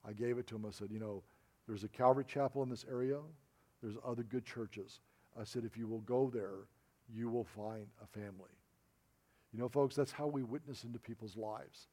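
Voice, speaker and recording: A man's voice: medium pitch, steady tone, normal speed. Man preaching a storytelling sermon. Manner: storytelling, addresses listeners as folks, drops to a soft voice for quoted lines.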